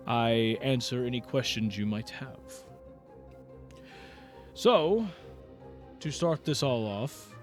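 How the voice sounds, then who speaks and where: A man's voice: a little high, voice pushed down. A man voicing a genial, chatty bearded king who speaks in a stately way. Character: genial bearded middle-aged male king.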